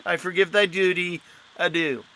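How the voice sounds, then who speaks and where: A man's voice: high-pitched, steady tone, moderate pace, pushed and bright. A man playing a pompous pedantic schoolmaster. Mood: fussy. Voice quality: pompous, Latin-sprinkled flourishes. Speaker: actor. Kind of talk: live-streamed Shakespeare reading.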